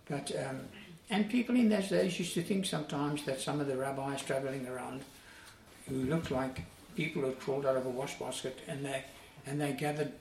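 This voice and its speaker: Earnest preacher with a gravelly voice. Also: male voice, on the high side, a little hiss or hum. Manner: earnest, emphatic, repeats key phrases. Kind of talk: sermon. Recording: echoey room, distant mic, faint ambience.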